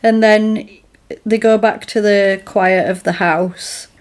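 A woman's voice: medium pitch, takes it slowly. Chatty woman recapping a film. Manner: animated retelling, lots of "like" fillers. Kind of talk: casual film recap chat.

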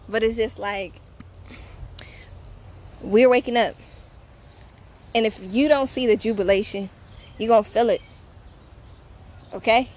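A woman hosting her own show, talking in a blunt, profane, emphatic casual monologue. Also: mid-range voice. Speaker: podcast host.

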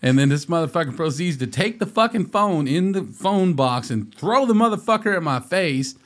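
A man's voice: on the high side, very animated, moderate pace, a bit bright. A man co-hosting a podcast, telling a story in casual chat, swearing a lot and acting out what people said. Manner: profane, storytelling with put-on quotes. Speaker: podcast co-host.

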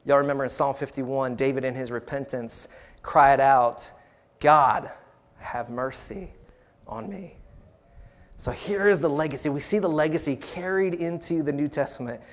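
A man's voice: mid-range voice, steady tone, a little fast. A male pastor preaching a sermon, repeating phrases and calling out to the congregation.

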